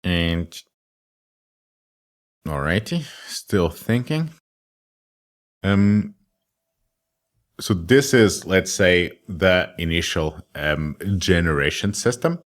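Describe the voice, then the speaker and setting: A man's voice: sits low, lively intonation, drawn-out words, pauses often. A man teaching a casual coding tutorial, thinking aloud with many ums and self-deprecating jokes. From Germany. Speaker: course instructor.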